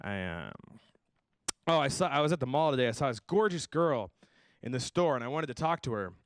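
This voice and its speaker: A young man hosting a stand-up comedy show, telling deadpan self-deprecating jokes and slipping into voices for the people he quotes. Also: medium pitch, brisk, dry recording, studio quality. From Tucson, Arizona area. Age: young adult. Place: comedy stage before a live audience.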